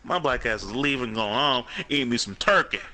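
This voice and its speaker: A man's voice: medium pitch, expressive, brisk, sharp tone. A man co-hosting a podcast, chatting casually with a lot of profanity, laughter and mocking banter. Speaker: podcast co-host. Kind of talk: casual chat.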